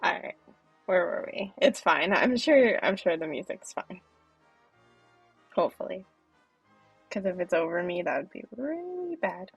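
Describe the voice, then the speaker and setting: A soft-spoken, chatty woman streaming games, talking casually to her viewers with a self-mocking touch. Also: on the low side, very animated, a little slow, creaky, pauses often, breathy edge, no echo, muffled recording, soft background music. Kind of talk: casual livestream chat.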